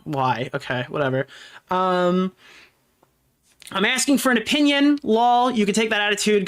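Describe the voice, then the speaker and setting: A man's voice: sits high, a bit bright. A man in a played clip giving a defensive monologue. He sounds aggrieved and argumentative, stopping often on fillers.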